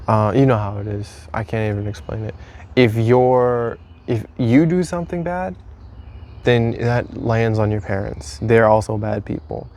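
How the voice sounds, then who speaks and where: A man's voice: lowish voice, unhurried, darkish tone. Candid young man rambling about a breakup. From United States. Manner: candid, rambling, swears freely, self-mocking. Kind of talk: casual storytelling to camera.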